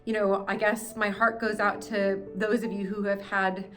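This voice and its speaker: Holding the camera herself, a woman from the United States vlogs casually from a cellar, speaking in a level, mid-range voice at a moderate pace. Her talk is emotional, meandering and full of apologies, with faint music behind her.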